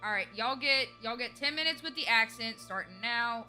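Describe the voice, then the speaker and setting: Bright, lively-voiced woman streamer. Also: fairly high pitch, moderate pace, hardly any pauses, faint music behind. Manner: chatty, swears freely, teasing viewers. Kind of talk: casual livestream chat while gaming.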